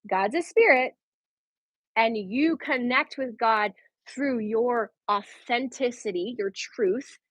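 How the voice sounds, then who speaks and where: A woman in her thirties, a guest telling her story in casual conversation, animated and laughing often. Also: a little high, slow pace, dry recording, poor audio.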